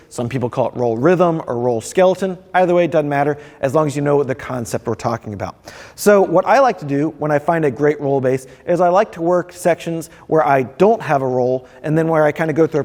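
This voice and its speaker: A man's voice: on the high side, a little mellow, long reverb tail. A man, a percussion professor, explaining snare drum rolls step by step in a friendly instructional video.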